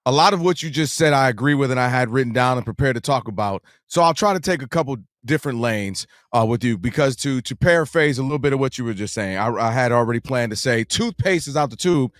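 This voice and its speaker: A man co-hosting a sports radio debate, explaining his view in a measured way and acting out quotes in a higher voice. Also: lively intonation, a bit bright, dry recording, clean studio sound. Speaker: radio co-host.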